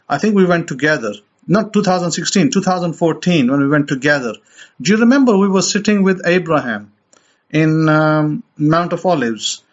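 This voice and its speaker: A man preaching an informal sermon in a conversational way, often repeating and restarting his phrases. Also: fairly high pitch. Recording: dull lo-fi recording.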